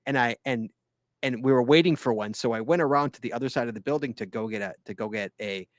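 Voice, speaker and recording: A man's voice: medium pitch, quick pace, no room sound, clean studio sound. A man hosting a casual podcast, telling rambling stories with enthusiasm and frequent laughter. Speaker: podcast host.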